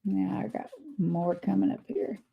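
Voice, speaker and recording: A woman's voice: mid-range voice, steady tone, measured pace, vocal fry, slightly rough, narrow, tinny audio. An older woman hosting a casual livestream, reading viewer comments aloud and replying to them in a chatty way. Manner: chatty, reads messages aloud and replies warmly. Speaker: livestream host.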